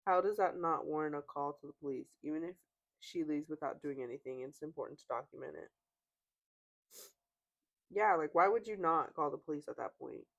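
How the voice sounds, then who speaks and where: On a muffled recording, a woman with a low, creaky voice talks a little fast as she hosts a podcast. She reads out online posts and chats about them casually, full of fillers and laughter.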